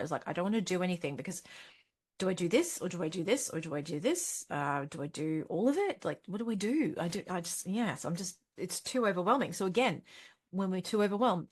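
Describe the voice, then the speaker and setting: A woman giving a casual webinar talk on money, chatty and self-correcting, often slipping into playful inner-voice quotes. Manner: chatty, acts out inner voices with sudden high pitch jumps; frequent self-corrections and soft laughs. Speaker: financial educator and webinar host. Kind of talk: webinar presentation.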